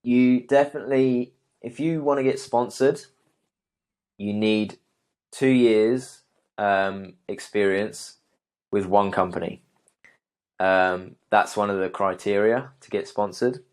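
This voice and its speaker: A young man, a guest arborist, answering interview questions in a relaxed way with many ums and restarts. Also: lowish voice, takes it slowly, pauses often, clean tone.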